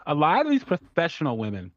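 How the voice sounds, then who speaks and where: A man's voice: fairly high pitch, wildly swooping pitch, fast, no room sound. A man co-hosting a call-in show, lecturing in an opinionated way and stumbling over repeated words. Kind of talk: casual talk-show commentary. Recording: dry, dull audio.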